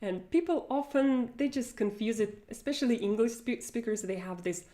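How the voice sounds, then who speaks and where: A woman's voice: fairly high pitch, normal speed, mellow. A woman whose first language is Russian, teaching a chatty live online lesson over a video call, with frequent fillers and laughs.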